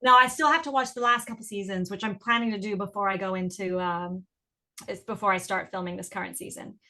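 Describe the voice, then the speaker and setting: English actress, accent drifting toward american, chatty and laughing a lot, bright crisp voice. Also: female voice, mid-range voice, fairly even intonation, fairly quick. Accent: mixed British and American. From England. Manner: bubbly, laughs often, chatty. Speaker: actress guest. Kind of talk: casual interview answers.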